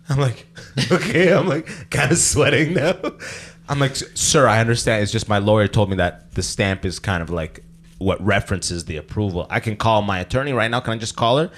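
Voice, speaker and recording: A man's voice: medium pitch, animated, brisk, a bit bright. A young man from Canada, co-hosting a podcast, telling stories casually and acting out the people he quotes in raised voices. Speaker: podcast co-host. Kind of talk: casual storytelling chat.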